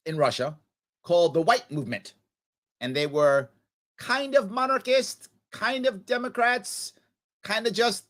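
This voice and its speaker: Animated male talk radio host. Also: on the high side. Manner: storytelling with rhetorical questions. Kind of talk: political talk radio monologue.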